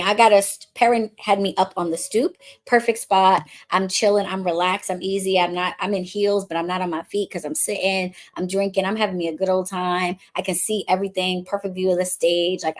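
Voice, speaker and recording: Woman, from the Bronx, podcast host, casual storytelling, chatty, acts out dialogue, mid-range voice. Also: mid-range voice. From the Bronx, New York. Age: adult, married since before 2020. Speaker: witchcraft coach and podcast host.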